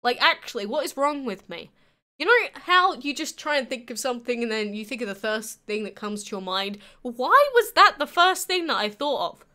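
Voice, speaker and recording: A woman's voice: a little high, bright, forceful tone. A nineteen-year-old woman with an English accent, chatting on a livestream and answering viewers' questions. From England. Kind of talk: casual chat answering live chat.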